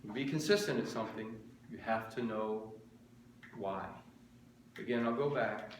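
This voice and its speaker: A man's voice: on the low side, a little slow, roomy sound, a little hiss or hum. A middle-aged man preaching a sermon, earnest and repetitive, firing off rhetorical questions.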